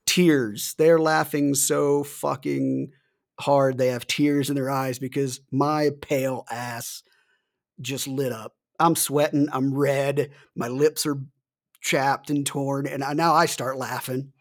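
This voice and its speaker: A man's voice: mid-range voice, little pitch movement, slow, vocal fry. Middle-aged guy rambling thru a story, cusses a lot, chuckles as he goes. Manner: loose storytelling, swears often, laughs through his stories. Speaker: podcast co-host. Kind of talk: casual chat.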